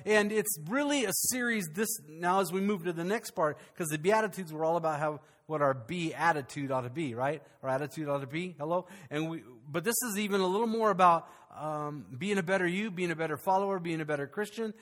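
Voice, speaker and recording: A pastor preaching with a high, light voice. He talks in an animated, conversational way, often stopping and restarting his sentences with fillers. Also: a little fast, hardly any pauses. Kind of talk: sermon.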